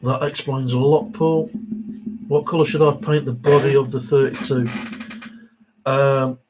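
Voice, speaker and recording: A man's voice: medium pitch, flat delivery, measured pace, a little mellow, a little hiss or hum, poor audio. A middle-aged man hosting a live Q&A stream, chatting casually and reading viewer comments aloud.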